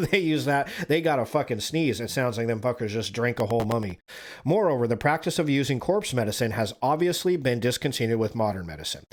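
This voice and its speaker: A man hosting a podcast who reads articles aloud, then drifts into rambling, profane asides and corrects himself as he goes. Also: medium pitch. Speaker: podcast host. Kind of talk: reading articles aloud and riffing casually.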